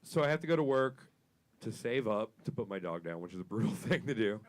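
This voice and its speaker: A young man performing a stand-up comedy set, telling a profane story and building up to loud punchlines on a club stage. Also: on the low side, animated, a little fast.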